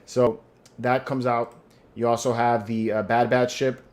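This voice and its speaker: A man's voice: medium pitch, level tone, a little slow. A man hosting a live collectibles show, easygoing and casual, reading viewer comments and running through product releases. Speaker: host. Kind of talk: casual live-stream chat.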